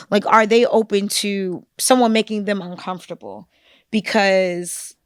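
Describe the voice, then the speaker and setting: Animated woman co-hosting a book podcast. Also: medium pitch, no echo, studio quality. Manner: animated, conversational, with frequent asides. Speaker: podcast co-host. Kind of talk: casual book discussion.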